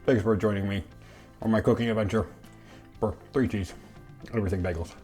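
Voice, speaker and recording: Brisk and warm, his lowish voice fairly even in intonation, a man hosts a relaxed home cooking vlog with soft music playing. He bakes and eats, chewing mid-speech, joking around and talking to himself.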